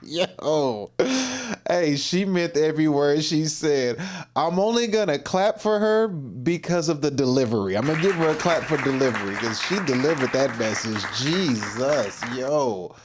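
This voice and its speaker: A man's voice: fairly high pitch, a little slow, crowd noise, noisy background. A man hosting a livestream and reacting to a video in casual, slangy commentary, exclaiming and laughing as he goes. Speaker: livestream host.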